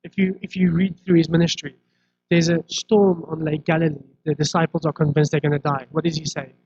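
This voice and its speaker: A man delivers a sermon in an easy, conversational way, often circling back over his words. His voice sits a little high and has a gravelly edge. The recording is dull and lo-fi. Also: little pitch movement, a little fast, darkish tone. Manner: conversational, repeats words when restarting. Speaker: preacher.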